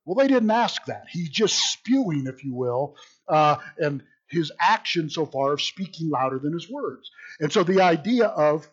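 A man teaching an informal Bible study in an animated, joking way, often repeating words as he thinks. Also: a little high, a little slow, muffled recording.

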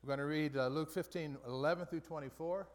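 Man, Bible study leader, slightly high voice, casual teaching, repeats himself, long hall reverb. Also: fairly even intonation, a little fast. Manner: conversational, with frequent restarts and repeated phrases. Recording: long reverb from a large room.

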